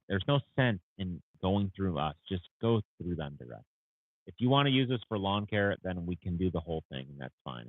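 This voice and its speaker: Man, very deep voice, tired, rambling livestream chat, tinny dry phone-like sound. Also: no room sound. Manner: rambling, tired, with many fillers and restarts. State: tired, yawning. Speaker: landscaping business owner hosting a livestream. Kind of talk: casual livestream Q&A.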